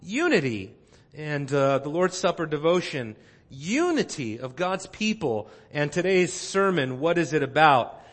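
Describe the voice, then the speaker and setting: A man's voice: a little high, big pitch swings, a little slow, a bit bright, long reverb tail. A male pastor preaching a sermon, teaching earnestly with frequent fillers and restarts. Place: church sanctuary.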